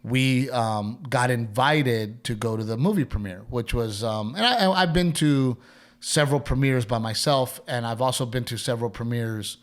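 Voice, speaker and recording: A comedian spins a casual story on his podcast. He rambles, stops and restarts, and speaks at an everyday middle pitch. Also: normal speed. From Texas. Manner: rambling, animated, lots of fillers and restarts.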